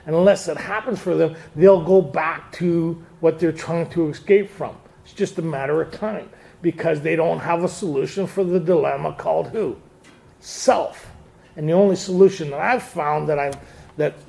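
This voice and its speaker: A man's voice: fairly high pitch, creaky, darkish tone. A man speaking to a recovery group, telling his story with laughs and acted-out quotes.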